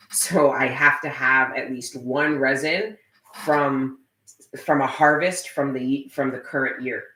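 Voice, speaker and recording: A woman's voice: rumbling low, fairly bright tone, echoey room, low-quality recording. A woman from Toronto chatting casually on a livestream, swearing freely and reading out her viewers' comments. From Toronto, Canada. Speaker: tarot reader and shop owner.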